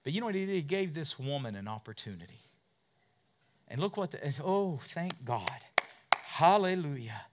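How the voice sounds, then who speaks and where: A man preaching a sermon in a lively voice that climbs high and drops low again. He moves from loud, urgent passages to hushed asides and keeps putting questions to his listeners. His voice sits a little higher than most men's. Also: moderate pace, very noisy. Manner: dramatic, swings from loud to hushed; asks the listeners many questions.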